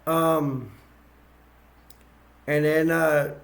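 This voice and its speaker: Gravelly man rambling through a retelling. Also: a little high, steady tone. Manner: halting and rambling, many restarts, chuckles as he goes. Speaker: movie reviewer. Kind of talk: casual scene-by-scene retelling.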